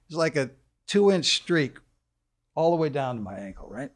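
A somewhat high, sing-song male voice at a moderate pace. He's an older former football player guesting on a studio podcast, chuckling through a crude, funny anecdote in a laid-back, casual storytelling interview.

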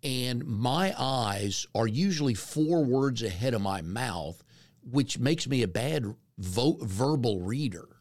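A man's voice: mid-range voice, animated, slow pace, darkish tone, no room sound. A man from North Carolina hosting a casual interview, chatty and self-deprecating as he tells stories. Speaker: podcast host.

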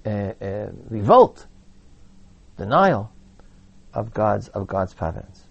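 A man's voice: medium pitch, vocal fry, darkish tone, husky. A man teaching a Torah lecture, explaining texts and acting out quoted complaints with emphasis.

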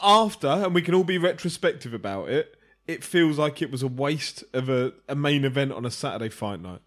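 A man, co-hosting a casual boxing podcast, blunt and quick to laugh. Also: mid-range voice, lively intonation, fairly bright tone. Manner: blunt, laughs often, swears. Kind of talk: casual chat.

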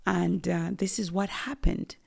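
A woman from Uganda giving an earnest personal testimony as a guest, emphatic and dropping to soft near-whispers at intense moments. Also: on the low side, fairly even intonation, measured pace, creaky.

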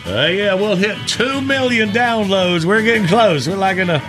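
A man hosting a morning radio show, making cheerful announcements and chuckling as he talks. His voice is pitched high. Music plays clearly beneath him. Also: lively intonation, moderate pace. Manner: upbeat, chuckling.

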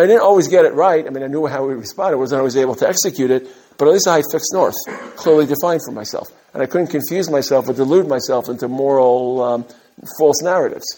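A man, from Brooklyn, giving an animated mussar talk to his students as a rabbi, with emphatic rises and humorous asides. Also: mid-range voice, a little hiss or hum. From Brooklyn, USA. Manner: direct address to his students.

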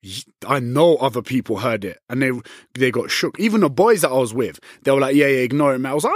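A blunt man with a husky, slightly rough voice and a middle-range pitch. He tells his story in plain casual talk, swears freely and acts out the quoted back-and-forth. The sound is dry and close. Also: expressive, fast, no room sound.

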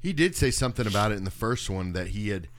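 Hesitant low-voiced podcast co-host man. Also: lively intonation, fast. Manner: hesitant, repeats words and says "you know" often. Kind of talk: casual movie discussion.

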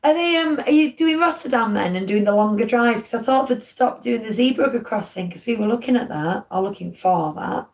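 A middle-aged woman chats casually as a podcast co-host in her living room. She throws in playful little asides between the show's segments. Her voice sits a little higher than most women's. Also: animated. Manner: playful, chatty, quick asides. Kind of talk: casual chat.

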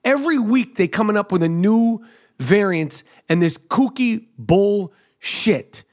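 A man with a notably high voice co-hosts a podcast. He jokes and teases his partner, swearing freely in loose, playful chat. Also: expressive, measured pace, a little mellow. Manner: joking, profane, teasing. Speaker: podcast co-host.

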